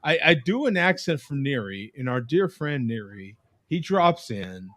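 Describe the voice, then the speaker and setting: A man's voice: mid-range voice, very animated, unhurried, a bit bright, dry recording, clean studio sound. A man hosting a live web show from a video call, chatting casually and explaining things to his viewers. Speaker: host.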